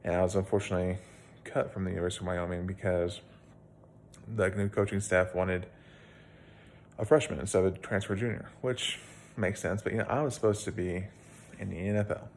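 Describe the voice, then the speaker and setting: A man's voice: low voice, steady tone, brisk, long pauses, a little hiss or hum. A young man, a video blogger, casually retelling a Bible story at home in a plain-spoken, rambling way with fillers.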